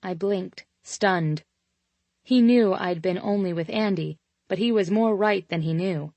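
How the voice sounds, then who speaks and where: A woman narrating a romance audiobook in first person, steady and intimate. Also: mid-range voice, measured pace, dry recording.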